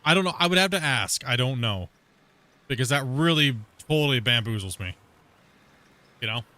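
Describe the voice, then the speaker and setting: A man from Canada hosts a multiplayer game stream, talking loosely to his friends. His voice is bright and forward, and he rambles with plenty of fillers and restarts. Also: medium pitch, expressive, moderate pace, no room sound. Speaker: streamer host. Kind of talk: casual chat while gaming.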